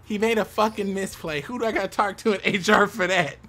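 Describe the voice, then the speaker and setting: A man's voice: sits high, a little fast, sharp tone, full character voice. A man putting on the voice of a fussy caller complaining to a help line. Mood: indignant.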